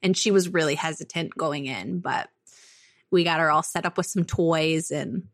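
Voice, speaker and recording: A woman's voice: sits low, normal speed, no echo, clean studio sound. A woman in her thirties co-hosting a podcast, chatting casually and laughing often as she talks about her kids. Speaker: podcast co-host. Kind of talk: casual chat.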